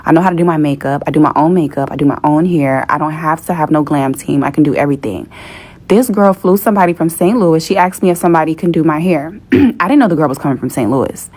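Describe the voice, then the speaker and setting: A woman's voice: sits low, fast talker, a little mellow. A young woman telling a story in a casual, exasperated rant with plenty of swearing. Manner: profane, exasperated.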